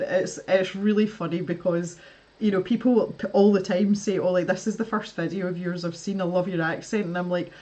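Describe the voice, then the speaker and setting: A woman from the West Coast of Scotland with a softened West Coast Scottish accent, chatting casually on a livestream, laughing often and restarting her sentences. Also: lowish voice. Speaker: art livestream host. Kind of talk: casual chat reading live comments.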